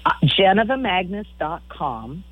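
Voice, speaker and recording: A woman's voice: lowish voice, big pitch swings, measured pace, slightly rough, no room sound. A middle-aged woman, a musician guest on a radio interview, telling stories frankly and often repeating words as she talks. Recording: phone-line audio.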